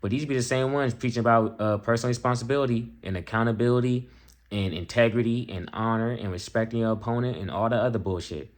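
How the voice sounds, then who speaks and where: A man's voice: mid-range voice, fast talker. A young man hosting a reaction video, mocking bluntly in casual slang.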